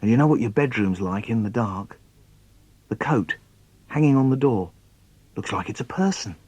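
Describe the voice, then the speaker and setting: Animated man telling children's poems. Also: mid-range voice, normal speed, slightly rough, no room sound. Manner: animated, theatrical, gasps and whispers for suspense. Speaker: children's poet performing his poems. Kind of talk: dramatic storytelling reading for children.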